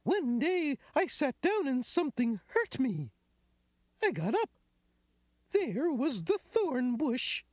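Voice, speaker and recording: A man voicing a weepy, emotional old lady in a storybook reading, in a high wavering voice. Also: very animated, takes it slowly, dry recording, clean studio sound, heavily acted. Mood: plaintive. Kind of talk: storybook character voice. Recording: music bed underneath.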